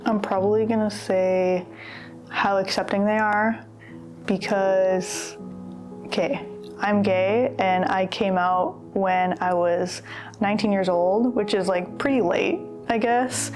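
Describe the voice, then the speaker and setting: Young adult woman, candid interviewee; earnest, casual, over clear guitar backing. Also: medium pitch, fairly even intonation, slow pace. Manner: earnest, chatty, with casual fillers. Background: guitar music.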